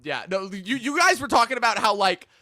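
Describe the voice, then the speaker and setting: A man in casual film review chat, excitable and profane, quoting scenes and laughing. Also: high-pitched, brisk, no room sound, clean studio sound. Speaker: podcast co-host. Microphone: remote call mic.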